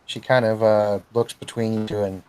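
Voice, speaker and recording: A man's voice: on the low side, little pitch movement, moderate pace, a little mellow, clear, resonant tone, rough recording. A man narrating a tabletop game as game master, in a casual, hesitant way.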